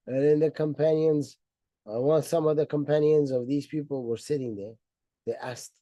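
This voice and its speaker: A man's high-side voice is steady and dark-toned, moving at normal speed as he delivers a scornful, lecture-style take on religious history. He dramatizes it by acting out the people in it, and the recording is dry and dull.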